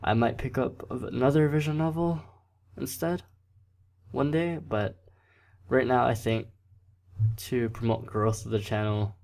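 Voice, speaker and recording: A man's voice: medium pitch, steady tone, unhurried, creaky, darkish tone. A man hosting a let's play, reading a visual novel aloud with casual, self-deprecating asides and frequent stumbles over words.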